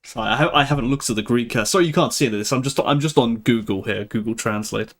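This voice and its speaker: This young live stream host speaks quickly at a medium pitch, casually chatting with viewers, laughing frequently and restarting sentences.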